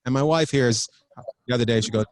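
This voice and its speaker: A man's voice: medium pitch, brisk. A man doing crowd-work stand-up from a studio, teasing the audience with loose, profane riffing. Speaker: stand-up comedian. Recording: loud audience laughter throughout.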